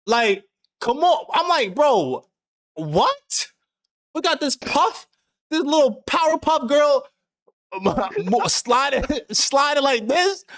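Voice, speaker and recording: Male stream host: high, bouncy voice, animated slangy storyteller, swears freely. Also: slow pace, pauses often. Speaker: anime discussion host. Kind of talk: casual chat, recapping an anime.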